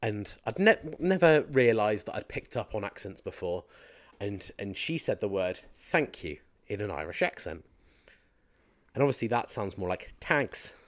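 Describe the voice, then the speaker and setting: Lively man telling stories on a podcast. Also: lowish voice, normal speed, no room sound. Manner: animated storyteller who slips into mimicking accents. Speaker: fitness and mindset coach, podcast guest. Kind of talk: casual podcast chat.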